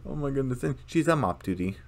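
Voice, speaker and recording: A man's voice: medium pitch, expressive, fast talker, darkish tone. A man chatting casually through a recap of a cartoon episode, rambling with lots of fillers. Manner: rambling, many fillers, acts out characters' lines. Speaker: video commentator.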